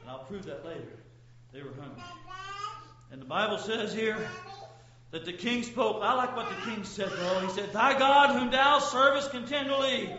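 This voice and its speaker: A man preaching a fervent sermon to a responsive congregation, his voice going hoarse, with frequent "uh" fillers between phrases. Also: high-pitched, normal speed, pauses often, background noise. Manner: impassioned, with frequent "uh" fillers and call-and-response pacing. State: losing his voice. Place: church sanctuary. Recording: lo-fi echoey church from far off. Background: congregation calling out amens.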